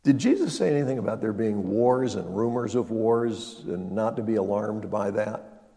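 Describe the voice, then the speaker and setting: A man preaching a sermon as pastor, emphatic and swinging between loud stresses and quiet asides. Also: fairly low pitch. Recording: long reverb of a large hall.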